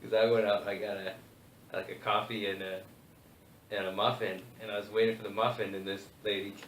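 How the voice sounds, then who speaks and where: A man's voice: fairly low pitch, level tone, brisk, a bit bright, reverberant, slight background noise, poor audio. A man co-hosting a podcast, telling a rambling story and laughing as he goes. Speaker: podcast co-host. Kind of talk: casual storytelling chat.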